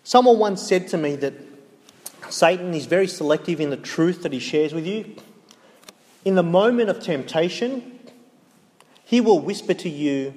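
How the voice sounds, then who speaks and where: A man with a high-pitched voice preaches a sermon, earnest and emphatic, driving his points home through repetition. His voice rings out with a long reverb, as if in a large church hall. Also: expressive, normal speed, long pauses, a little mellow.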